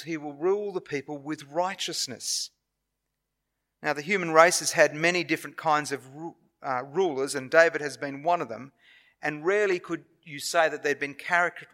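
A man with an Australian accent preaching a sermon in a church, earnest and measured, with pauses and self-corrections. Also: on the high side, sharp tone.

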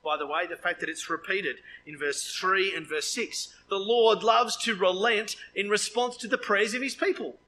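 Preacher guy, sermon w/ jokes, high bright voice, little bit of hiss in back. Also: normal speed, few pauses, low-quality recording. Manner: lively, joking asides, voice swings up for quoted speech.

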